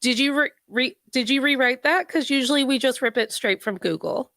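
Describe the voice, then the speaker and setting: A woman co-hosting a podcast in casual chat, giggly and rambling with animated energy. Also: high-pitched, moderate pace, no echo, clean studio sound. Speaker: podcast co-host.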